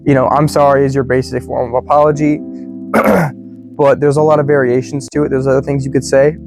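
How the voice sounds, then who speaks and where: An American man teaching English in a relaxed, slangy way, full of "you know" and "like". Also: medium pitch, fairly quick. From United States. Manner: laid-back, slangy, many fillers like "you know" and "like". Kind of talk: casual explanatory lesson. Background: faint guitar music.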